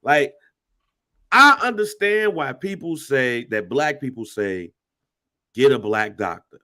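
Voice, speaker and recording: A man's voice: medium pitch, slow. A man co-hosting a podcast, telling a story in casual chat full of slang and swearing. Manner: profane, animated storytelling with slang. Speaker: podcast co-host.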